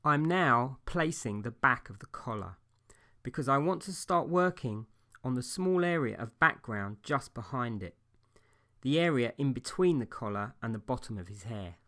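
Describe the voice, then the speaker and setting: A man speaks in a steady, unhurried voice-over for an art lesson. His delivery is calm and explanatory, like a teacher walking through each step of his own painting. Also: medium pitch. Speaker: painting instructor. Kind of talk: scripted tutorial voice-over.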